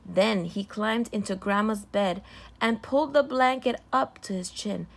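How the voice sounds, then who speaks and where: A woman reading a children's storybook aloud, clear, gentle and even. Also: mid-range voice, measured pace. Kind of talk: read-aloud storybook narration.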